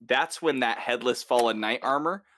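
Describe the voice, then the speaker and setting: At a moderate pace and medium pitch, a man co-hosting a podcast runs through an episode casually and with animation, acting out what the characters say. The recording is dry, with clean studio sound.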